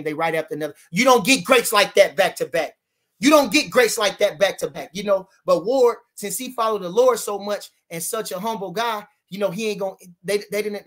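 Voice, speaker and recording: A man with a high, slightly bright voice hosts a laid-back boxing livestream. He reads viewer comments out loud and replies in cocky, bragging street slang, repeating lines to hammer them home.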